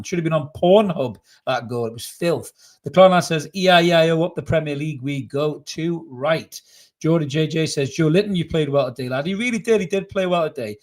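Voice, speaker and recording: A man hosting a live post-match fan reaction, reading out chat comments in a chatty, emphatic way and swearing casually. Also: mid-range voice. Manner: chatty and emphatic, says mate and absolutely a lot, swears casually. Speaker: fan channel host.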